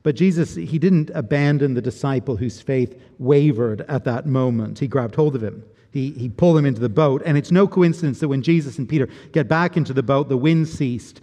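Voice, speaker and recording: A man's voice: medium pitch, a little fast, few pauses, dark tone. Earnest male preacher in a reverberant hall. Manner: earnest, reflective preaching with frequent repetition. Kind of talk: sermon. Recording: long reverb of a large hall.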